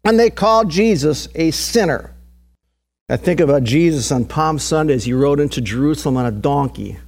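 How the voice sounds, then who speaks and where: A man with a high voice preaches a sermon in a chatty, down-to-earth way, repeating his words for effect. He swings from loud, emphatic peaks to low, hushed intensity. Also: lively intonation, normal speed, creaky. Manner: conversational, folksy preaching with repetitions. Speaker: pastor.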